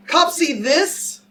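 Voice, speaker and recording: A female scholar with a high, creaky, fairly bright voice delivers a public lecture, telling a story to a live audience. She is emphatic and direct and often turns to the crowd with questions. She sits a little far from the mic, with faint background noise.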